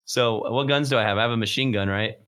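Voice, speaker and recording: A player in a tabletop game, boisterous and quick to laugh. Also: medium pitch, a loud crowd.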